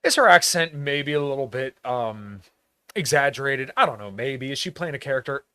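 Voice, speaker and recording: A man's voice: medium pitch, lively intonation, normal speed, sharp tone, smooth, dry recording. A man from rural Pennsylvania hosting a podcast in a blunt, profane, casual monologue, laughing often. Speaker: podcast host.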